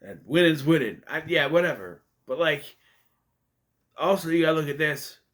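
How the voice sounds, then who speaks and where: A man's voice: on the high side, expressive, moderate pace, a bit bright. A man casually reviewing a movie, rambling and conversational with many fillers and restarts. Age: adult.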